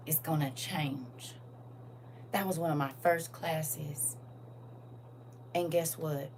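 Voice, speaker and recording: A woman who founded a school, speaking to a live audience, moving from hushed talk to emotional shouts and close to tears. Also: medium pitch, a little hiss or hum, poor audio. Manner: emphatic, swinging from hushed to shouting. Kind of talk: live testimony address to an audience.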